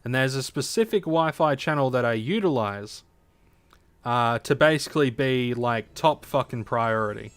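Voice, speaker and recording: A man's voice: medium pitch, expressive, normal speed, a bit bright, clear, resonant tone, no room sound. A man streaming a game, chatting casually to viewers, rambling with plenty of fillers and swearing freely. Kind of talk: casual livestream chat. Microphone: desk mic at home streaming setup.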